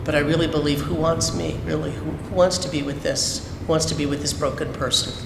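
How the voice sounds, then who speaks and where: A man's voice: on the high side, fairly even intonation, fairly quick, vocal fry, background noise. A man giving a candid, emphatic personal talk at a Shabbat service, full of rhetorical questions. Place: synagogue sanctuary. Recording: echoey hall with long reverb.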